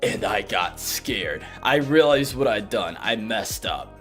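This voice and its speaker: A man in his twenties tells a funny childhood story in a casual, animated way. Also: takes it slowly, soft background music. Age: 20s. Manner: animated, dips low and jumps high, laughs between bits. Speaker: vlogger.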